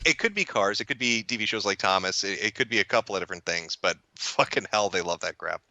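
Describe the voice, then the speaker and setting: Male commentator, low-pitched with a sharp, bright tone, casual profane rambling, dry close sound. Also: lively intonation, a little fast, dry recording. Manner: rambling, profane, frequent restarts. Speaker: internet video commentator. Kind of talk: casual podcast chat.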